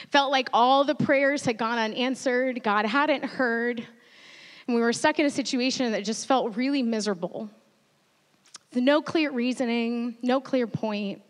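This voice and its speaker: A woman in her thirties preaching a sermon, telling a personal story earnestly and growing quietly emotional at times. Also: on the high side, unhurried. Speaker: pastor. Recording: long reverb of a large hall.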